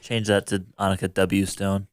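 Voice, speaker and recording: A man's voice: low-pitched, completely flat delivery, normal speed, smooth, no room sound, clean studio sound. A man in his twenties co-hosting a podcast in casual chat, joking and laid-back. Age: 20s. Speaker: podcast co-host.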